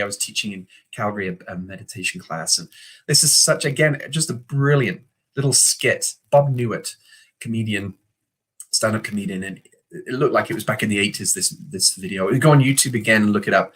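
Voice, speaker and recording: Lowish and husky yet fairly bright in tone, this middle-aged host speaks a little fast in a motivational video. He's earnest throughout, weaving stories and performing the quoted voices in them.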